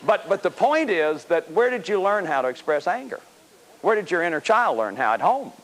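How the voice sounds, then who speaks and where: A man's voice: high-pitched, very animated, normal speed, fairly bright tone, some chatter behind. A man in his fifties giving a self-help lecture, emphatic and repeating words as he drives points home. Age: 50s. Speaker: speaker on healing the inner child.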